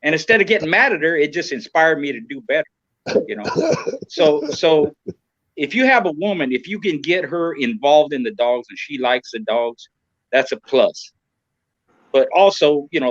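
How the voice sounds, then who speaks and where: A man's voice: fairly high pitch, moderate pace, fairly bright tone, dry recording. A man around sixty, from Southern California, chatting casually as a podcast guest. He rambles frankly, swears freely and leans on "you know.". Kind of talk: casual chat. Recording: dull, lo-fi, dry sound.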